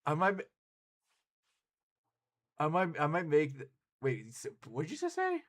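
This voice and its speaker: A man streaming and chatting casually with his viewers, excitable and quick to laugh and swear. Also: a little high. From United States.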